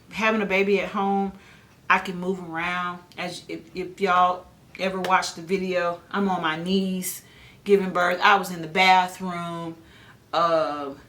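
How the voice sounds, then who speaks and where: A woman, casually telling her own birth story on a family vlog, animated, and jumping her voice up when she imitates other people. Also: mid-range voice. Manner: animated, mimics others with a raised voice. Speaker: vlogger and mother.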